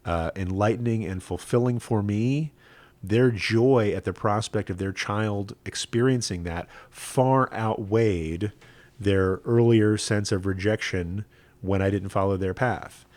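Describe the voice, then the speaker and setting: Earnest low-voiced rabbi, man. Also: a little slow, a little mellow, dry recording. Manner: earnest, conversational, often adds "right?". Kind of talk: personal storytelling to camera.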